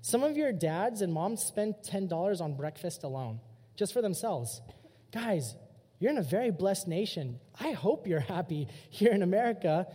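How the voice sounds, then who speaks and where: A young man preaching a casual, energetic sermon as youth pastor to teenagers. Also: sits high, normal speed, husky. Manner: casual, energetic, direct address. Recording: long hall reverb.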